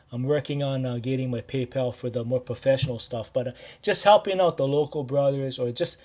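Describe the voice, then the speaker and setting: With a mid-range voice, the Maui life coach speaks straight to his listeners in a casual direct-to-camera talk. His English carries a Hawaiian Pidgin tinge, and his manner is warm and repetitive.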